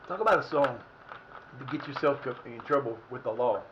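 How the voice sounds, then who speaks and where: A man's voice: medium pitch, animated, fairly quick, dull audio, background noise. A man streaming a soccer management game, cursing and exasperated as he talks to himself. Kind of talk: live game commentary.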